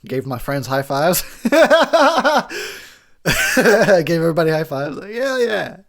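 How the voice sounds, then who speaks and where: A man's voice: fairly high pitch, sing-song, slow pace, fairly bright tone. A man, drunk, giving a rambling, crude commentary over a movie, laughing often as he talks.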